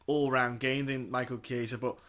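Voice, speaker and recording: A man's voice: mid-range voice, little pitch movement, moderate pace, a bit bright. A man co-hosting a podcast, chatting eagerly and repeating himself as he makes his fight picks. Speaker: podcast co-host. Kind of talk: casual fight-pick chat.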